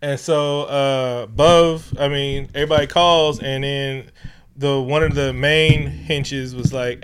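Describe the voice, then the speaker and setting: A man with a mid-range voice talking through a film recap with a friend. He talks in animated, profane bursts and jumps into the characters' lines. His pitch and loudness swing a lot from line to line. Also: moderate pace, clean tone. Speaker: podcast co-host. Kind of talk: casual movie recap chat.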